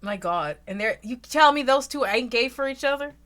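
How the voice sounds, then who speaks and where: Loud southern girl streamer rambling to chat, swears a lot, bright sharp voice. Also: animated, moderate pace. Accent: American Southern. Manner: loud, rambling, swears freely, bursts into shrill laughs. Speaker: VTuber streamer.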